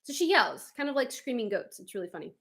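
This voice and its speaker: A woman hosting a livestream, chatting casually with viewers and reading their comments, animated and quick to laugh. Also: a little high, gravelly. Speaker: livestream host.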